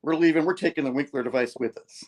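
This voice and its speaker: A confident male superhero, voiced by a man, firm and commanding. The pitch sits a little above the man's own voice. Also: fast talker, darkish tone, close to an everyday voice.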